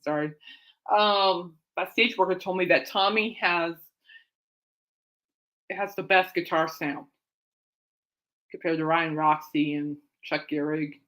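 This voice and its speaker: A woman hosting her own podcast, chatting in a rambling, excitable way that often trails off and restarts. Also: fairly low pitch. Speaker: podcast host. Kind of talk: rambling casual chat.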